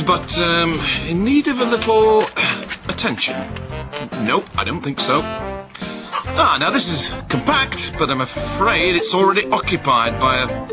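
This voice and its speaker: A man presenting a children's puppet show in a chatty, jokey, exclaiming manner. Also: on the high side.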